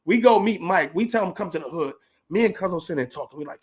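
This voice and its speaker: A man hosting a podcast, telling stories in an animated, slangy, profane way. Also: on the high side, quick pace. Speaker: podcast host. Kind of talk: casual reminiscing monologue.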